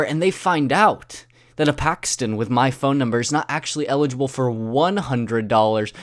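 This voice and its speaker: A young man, a YouTuber, telling a story to his viewers in a sarcastic, deadpan way. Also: mid-range voice, no echo, clean studio sound. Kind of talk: casual storytelling vlog.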